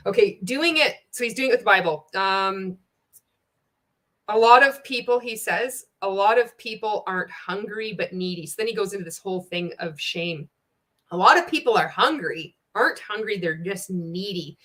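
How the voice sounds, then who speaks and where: A woman's voice: mid-range voice, fairly bright tone. A woman giving a sarcastic, profane commentary, laughing often as she picks apart a video. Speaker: anti-MLM commentator. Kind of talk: casual ranting commentary.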